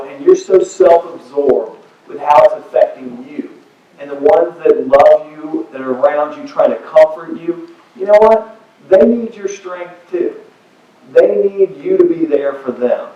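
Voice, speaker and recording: A man's voice: fairly high pitch, warm tone. A man giving a personal motivational talk about his book. He talks conversationally, with many "you know"s and wry, self-deprecating asides. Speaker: author and speaker. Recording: echoey hall, distant dull mic.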